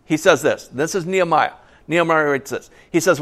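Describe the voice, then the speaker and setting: Folksy, animated male preacher. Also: fairly high pitch, moderate pace. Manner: animated storyteller, folksy asides. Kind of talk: conversational sermon.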